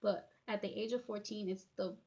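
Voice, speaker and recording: A woman in her thirties telling her own life story in a halting, emotional way, full of fillers and restarts, tearing up as she talks. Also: mid-range voice, fairly even intonation, a little mellow. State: tearful. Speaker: vlogger. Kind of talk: personal storytime.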